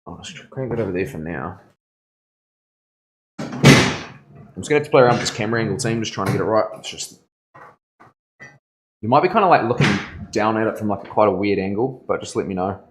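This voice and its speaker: A man's voice: lowish voice, lively intonation, fairly quick, pauses often, background noise. A man tattooing on a live stream, chatting casually and rambling with his viewers, calling them bro and laughing often. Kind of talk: casual live-stream chat while working. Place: tattoo studio.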